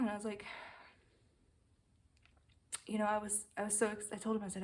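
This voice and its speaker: A young woman talking candidly in a personal video diary, halting, with many fillers and restarts, emotional and near tears. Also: mid-range voice, little pitch movement, darkish tone. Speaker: vlogger recovering from a brain injury.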